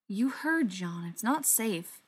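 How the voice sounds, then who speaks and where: Woman reading an insistent, sharp teenage boy. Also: medium pitch, lively intonation, brisk. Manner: insistent, curt. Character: sharp-eyed teenage boy, loyal friend.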